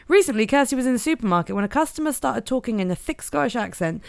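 Woman, comedy podcast co-host, giggly, sardonic, lively intonation, dry close sound. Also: fairly high pitch, fast talker, creaky, hardly any pauses, dry recording. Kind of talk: casual comedic chat, reading news aloud.

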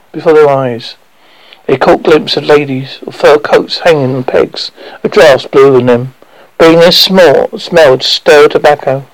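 A man reading a story aloud in a halting way, with slips and restarts. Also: fairly high pitch, low-quality recording. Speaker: narrator.

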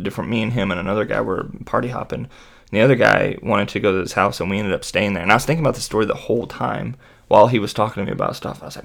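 A young man with a gravelly, mid-pitched voice spins a long, rambling story. He leans on fillers and acts out the quotes as he goes. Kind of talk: casual storytelling.

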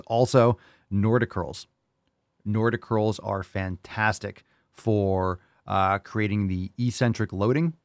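Brash, joking male host, low voice, dry close sound. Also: dry recording. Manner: brash, jokey, swears freely, bursts of loud enthusiasm. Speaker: podcast host answering listener questions. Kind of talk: casual fitness podcast chat.

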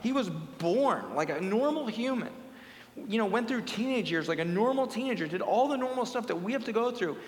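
A man preaching a sermon as a pastor, impassioned, swinging from loud pleas to hushed lines. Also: high voice, animated, a little fast. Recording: echoey hall with faint music.

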